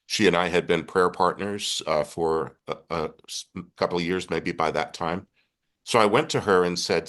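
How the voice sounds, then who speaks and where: Brief: older Texan priest, very low voice, earnest storyteller who keeps restarting his sentences. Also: moderate pace, a bit bright. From Texas. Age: 60s. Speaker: Catholic priest and guest. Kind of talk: conversational storytelling interview.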